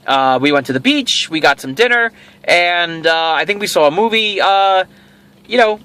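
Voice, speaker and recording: A middle-aged man tells a long personal story in a loose, rambling way, acting out each person's lines. His voice sits high and swings widely in pitch. The tone is bright and sharp. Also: normal speed, clear, resonant tone. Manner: rambling, animated, acts out quoted dialogue. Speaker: toy show host. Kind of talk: casual storytelling vlog.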